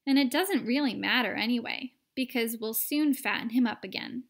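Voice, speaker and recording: A woman's voice: on the high side, normal speed. A woman doing a breezy eccentric candy maker. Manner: breezy, chipper and offhand. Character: eccentric cheerful chocolatier, bearded man. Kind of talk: read-aloud storybook voice.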